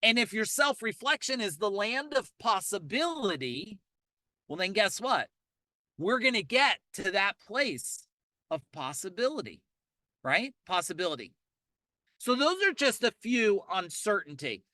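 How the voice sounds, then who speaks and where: Energetic man coaching live, forceful voice. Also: high-pitched, dry recording. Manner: energetic, fast, repeats key points, asks the audience to respond. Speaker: business coach leading an online challenge. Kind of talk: live motivational webinar coaching. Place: outdoors in a parking lot.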